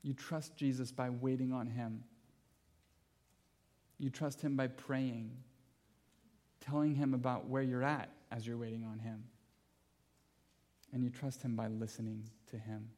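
A man delivering a sermon with earnest emphasis, leaning on repeated key phrases. He shifts easily into personal anecdotes with gentle humor, speaking at a middling pitch. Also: flat delivery, measured pace, long pauses. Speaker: pastor.

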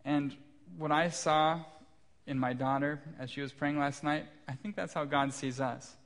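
Pastor dad telling a sermon story. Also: male voice, on the high side, fairly even intonation, measured pace. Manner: warm storytelling with self-deprecating humor. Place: church sanctuary.

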